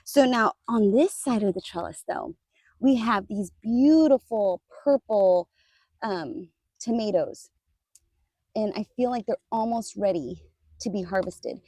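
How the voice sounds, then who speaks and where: Garden vlogger, woman, casual and chatty, talks straight to viewers, mellow voice, dry sound. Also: mid-range voice, lively intonation, measured pace, no echo. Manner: chatty, addresses viewers as "you guys", laughs easily. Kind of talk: casual garden tour vlog. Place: outdoors in a garden.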